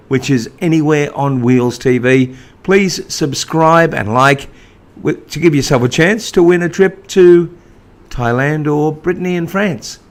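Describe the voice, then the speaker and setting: A man giving an upbeat promotional outro for a travel channel. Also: mid-range voice. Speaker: show presenter. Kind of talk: scripted outro.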